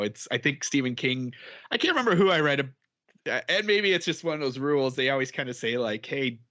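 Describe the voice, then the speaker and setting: Bright-voiced podcast guy, rambly and chatty, laughs a lot. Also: mid-range voice. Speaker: podcast co-host. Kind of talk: casual chat.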